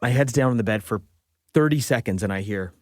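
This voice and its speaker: Male podcast co-host, 40s, mid-pitched, lively anecdote teller who acts out the quotes, dry studio mic. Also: quick pace, no room sound. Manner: lively storyteller acting out quoted dialogue. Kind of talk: casual anecdotal storytelling.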